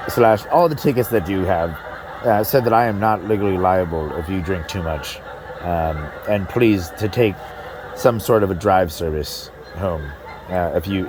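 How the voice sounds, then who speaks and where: A man's voice: sits low, noisy background. A man doing a stand-up comedy set in a club, rambling, breaking off mid-sentence and laughing at his own jokes.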